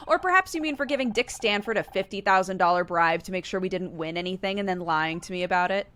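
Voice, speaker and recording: A woman's voice: medium pitch, animated, fast, a bit bright, lightly acted. A woman voicing a bitter, defiant young woman detective in a video game, cutting and sarcastic.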